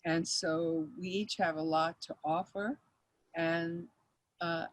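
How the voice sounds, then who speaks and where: A woman's voice: lowish voice, steady tone, takes it slowly, no echo, rough recording. An older woman, a mediator, speaking as a guest in an interview, telling stories in a reflective way and laughing often. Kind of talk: conversational interview.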